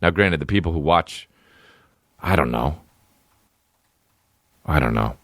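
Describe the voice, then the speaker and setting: A man's voice: a bass voice, takes it slowly, no room sound, clean studio sound. A man hosting a podcast who riffs profanely through a casual comedic rant. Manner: profane, animated, riffing.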